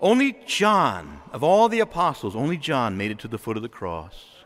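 A man, a Catholic priest, delivering a lively homily in church, acting out quoted voices and chuckling often. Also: mid-range voice, normal speed, in a large hall, faint music behind.

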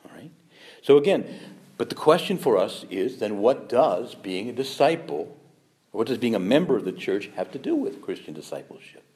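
A man giving a Catholic parish talk, animated and humorous, firing rhetorical questions at the audience and acting out the objections people raise. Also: medium pitch, normal speed. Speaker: Catholic speaker.

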